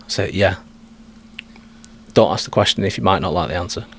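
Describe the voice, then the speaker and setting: A man's voice: deep voice, a little fast, fairly bright tone, slight background noise. A man talking as a life coach guest on a podcast, blunt, direct and emphatic. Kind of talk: podcast conversation.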